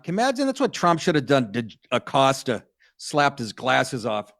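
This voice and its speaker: A man's voice: medium pitch, wildly swooping pitch, normal speed, a bit bright, dry recording, studio quality. A middle-aged man hosting a comedy talk show, reading news stories aloud and riffing on them in a crude, sardonic way.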